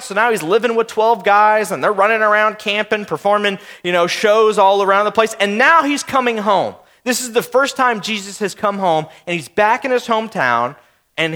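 A young adult man preaching a sermon as pastor, playful and animated, acting out skeptical townspeople in quick asides. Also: high-pitched.

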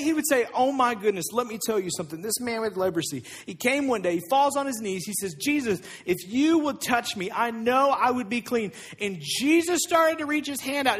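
A man preaching a sermon, moving between loud, animated emphasis and quiet, hushed passages. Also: high-pitched, normal speed, breathy edge. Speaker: pastor.

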